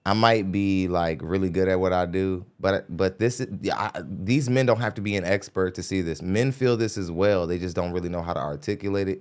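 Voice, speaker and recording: Deep-voiced man, blunt podcast host. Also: smooth. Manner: blunt, lecturing. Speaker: podcast host reacting to a clip. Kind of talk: casual commentary. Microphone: studio microphone.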